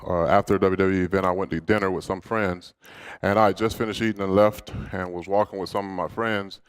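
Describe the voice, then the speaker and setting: A man with a low, smooth, resonant voice speaks to an audience from a stage. He tells personal stories in a candid, conversational way and works in humor as he goes. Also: steady tone, a little fast. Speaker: motivational speaker. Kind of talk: inspirational storytelling speech.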